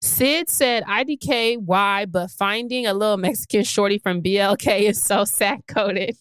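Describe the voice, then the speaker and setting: A woman's voice: medium pitch, measured pace, smooth, dry recording. A woman co-hosting a podcast, reading listener comments aloud in casual chat and laughing often. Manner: animated, laughs often, playful. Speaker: podcast co-host.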